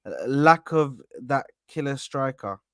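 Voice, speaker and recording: A man hosting a live football reaction panel, animated and talking over the others with lots of "bro". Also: medium pitch, slow pace, dry recording, clean studio sound. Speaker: host of an Arsenal reaction stream. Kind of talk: casual live panel chat.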